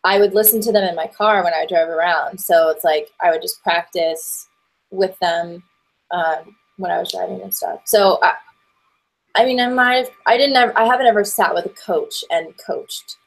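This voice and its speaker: Rambling young actress guest. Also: female voice, lowish voice, steady tone, moderate pace, low-quality recording. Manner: rambling, many fillers and restarts, stop-start. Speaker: guest, actress and voiceover performer. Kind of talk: casual interview chat.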